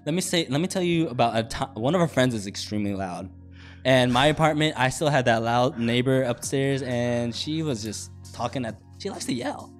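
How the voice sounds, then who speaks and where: Ruhiger Mann, mittlere Stimmlage. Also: male voice, medium pitch, faint music behind. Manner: relaxed, measured, fairly even volume. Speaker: co-host. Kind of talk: casual chat on a live stream.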